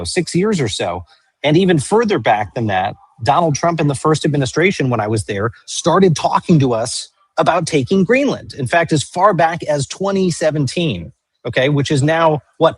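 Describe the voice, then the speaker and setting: Husky male political show host. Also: medium pitch, dry recording. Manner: stammering restarts, storytelling.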